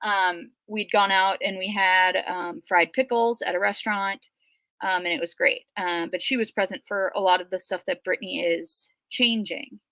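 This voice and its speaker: A woman's voice: medium pitch, fairly even intonation, moderate pace, a bit bright, no echo. A woman with a Minnesota accent, telling her story as a guest in a casual livestream chat, rambling with frequent ums.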